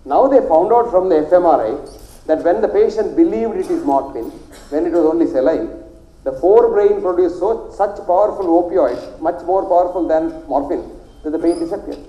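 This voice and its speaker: A man's voice: high-pitched, animated, moderate pace, warm tone, dull audio. An older man with a South Indian accent, a doctor giving a rambling, emphatic lecture that repeats phrases for stress. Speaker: doctor giving a health talk. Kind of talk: lecture to an audience. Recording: echoey hall.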